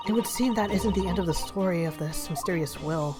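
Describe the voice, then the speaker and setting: A woman voicing a meek middle-aged male former prison warder, telling his story in a hushed, apologetic way. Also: lowish voice, fairly quick, natural voice. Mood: regretful. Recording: game music playing behind.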